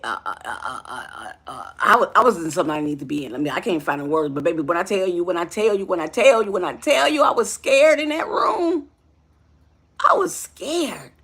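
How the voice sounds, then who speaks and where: A woman's voice: on the low side, a bit bright, husky. A woman life coach giving an emphatic motivational talk, calling the listener honey and baby.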